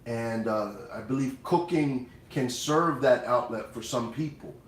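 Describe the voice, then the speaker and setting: A man's voice: medium pitch, a little slow, a little hiss or hum. Man talking to viewers in an echoey room. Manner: conversational, addresses viewers directly. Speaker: cooking show host. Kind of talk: casual livestream talk.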